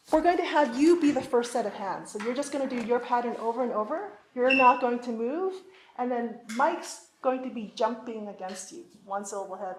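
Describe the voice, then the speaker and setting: A woman explains a rhythm piece to a crowd in a friendly, explanatory way. Her voice sits high. Faint noise runs underneath. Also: darkish tone. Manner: friendly, explanatory, some fillers. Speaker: music theory presenter. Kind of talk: live classroom explanation. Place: large room with audience.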